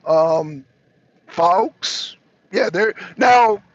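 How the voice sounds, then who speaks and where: A man's voice: high voice, lively intonation, very slow, no room sound, muffled recording. A truck driver calling in from his parked cab, chatting casually and profanely, rambling and cutting himself off. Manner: profane, rambling, self-interrupting. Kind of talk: casual chat.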